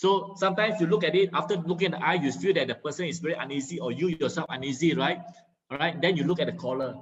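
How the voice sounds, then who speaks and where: Over a video call, a man gives an online lecture on communication skills in a teacherly manner. His pitch is fairly high and the highs are cut off. He fills pauses with lots of drawn-out "uh"s and keeps checking understanding with "okay?" or "right?".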